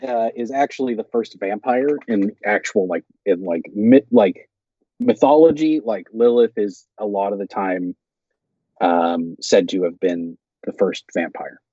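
A man's voice: fairly low pitch, a little slow, mellow, slightly rough, dry recording, lo-fi sound. A man co-hosting a podcast, casually recapping a TV episode, rambling and quoting the characters. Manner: rambling, quotes characters in raised voices. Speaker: podcast co-host.

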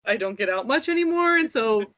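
A woman in her thirties, a podcast co-host, telling a funny story in casual chat with lively quoted voices. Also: on the high side, a little fast, highs cut off.

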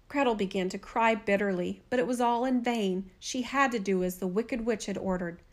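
A woman narrating a fairy tale in a steady, expressive storytelling voice. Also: mid-range voice, normal speed, few pauses. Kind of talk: fairy tale read-aloud.

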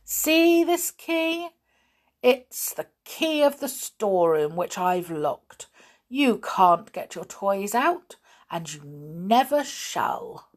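A woman voicing a stern, bad-tempered male schoolmaster in a storybook reading, blustering and shouting indignantly. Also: fairly low pitch, very animated, slow pace, exaggerated voice.

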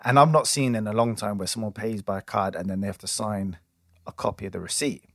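A man's voice: lowish voice, fairly even intonation, fairly quick, vocal fry, a bit bright, no echo, studio quality. Rambling man telling a story. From England. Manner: rambling storyteller with many restarts and fillers. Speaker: podcast co-host. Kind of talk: casual chat.

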